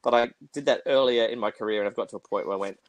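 A middle-aged Australian theatre producer talking quickly over a video call, full of restarts and repeated words. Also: male voice, fairly low pitch, dry recording. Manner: fast-talking with frequent restarts. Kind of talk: conversational interview.

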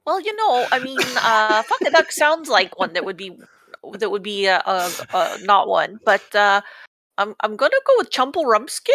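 A woman's voice: mid-range voice, very animated, a bit bright, no room sound. A woman on a comedy podcast who hesitates when chatting and turns brash while reading a goofy rap. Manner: hesitant and halting in chat, brash when rapping. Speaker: podcast co-host and quiz contestant.

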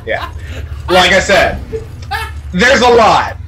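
A man's voice: high-pitched, sing-song, takes it slowly, noisy background. A man co-hosting a podcast, ranting animatedly and swearing a lot in crude comedic banter. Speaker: podcast co-host.

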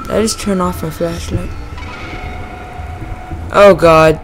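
A young man giving excitable let's play commentary on a horror game, yelping and shouting when startled. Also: sits high, slow pace, faint music behind. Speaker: gaming YouTuber.

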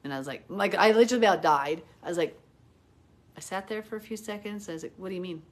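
Here a middle-aged woman teaches the Bible live, her medium-pitched voice animated and quick. She rattles on chattily with lots of "like," but turns earnest and emotional as she retells praying in her story.

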